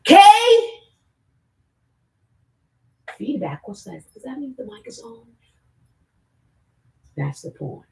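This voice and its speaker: A woman livestreamer delivering a rambling, profane monologue, lurching between hushed whispers and sudden shouts. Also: mid-range voice, very animated, measured pace, creaky, pauses often, poor audio. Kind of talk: rambling live-stream monologue.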